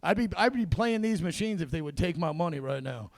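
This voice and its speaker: Gravelly high-voiced stand-up comedian. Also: male voice, animated, a little fast, no room sound. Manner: crude, rambling, acts out quotes. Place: comedy club stage in a casino.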